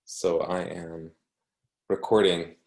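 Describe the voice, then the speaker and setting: A man from Canada with a Canadian English accent, reading a book aloud slowly for English learners, with ums and self-corrections. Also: low voice, level tone, gravelly, darkish tone. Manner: slow, unhurried, with frequent ums and self-corrections. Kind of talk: casual read-aloud lesson for English learners.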